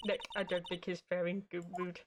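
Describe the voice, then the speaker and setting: A woman voicing a spirited young female assistant, lively and teasing, while reading game dialogue. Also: on the low side, brisk, noisy background, lightly acted. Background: game music.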